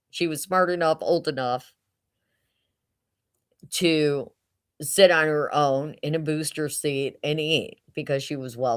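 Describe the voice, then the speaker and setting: A woman in her sixties telling family stories casually, chatty and animated, often laughing as she goes. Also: low voice. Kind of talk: casual storytelling.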